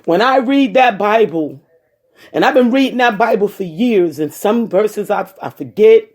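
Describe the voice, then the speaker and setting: A woman's voice: medium pitch, animated, a little slow, darkish tone. A woman giving a heartfelt personal talk, speaking directly to her listeners and repeating her points with emphasis. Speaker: personal storyteller addressing viewers.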